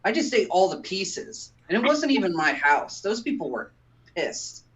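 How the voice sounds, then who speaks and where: A man doing a stand-up set, delivering deadpan, absurd one-liners. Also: high voice, normal speed, very noisy. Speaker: stand-up comic.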